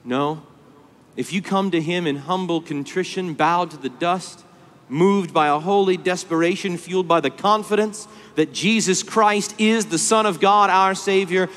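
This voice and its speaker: Male conference preacher, high-pitched and impassioned, hall reverb. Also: measured pace. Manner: impassioned, swings from hushed to pleading. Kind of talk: sermon.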